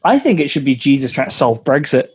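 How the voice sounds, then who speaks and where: A man co-hosting a podcast, playful in casual chat, with frequent hesitant pauses. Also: medium pitch, big pitch swings, breathy edge. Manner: playful, many "um" pauses, quick laughs. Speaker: podcast co-host.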